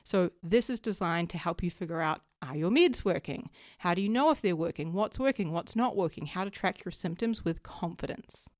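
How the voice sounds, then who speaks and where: A woman, hosting her own podcast and telling a story in a lively way, acting out her worried thoughts. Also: on the low side, normal speed, hardly any pauses, dry recording, clean studio sound. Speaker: podcast host. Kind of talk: casual solo podcast talk.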